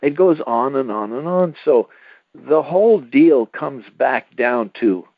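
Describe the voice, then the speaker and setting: A man hosts a radio talk show in an earnest, persuasive, halting way. His pitch is average. The sound is tinny and phone-like, with a dry, close tone. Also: animated, creaky, no room sound.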